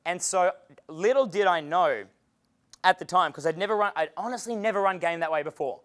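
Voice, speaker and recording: A man's voice: high voice, a little fast, a bit bright. A man giving a seminar as a dating coach, casual and chatty, swearing freely and laughing at his own stories. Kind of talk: seminar lecture.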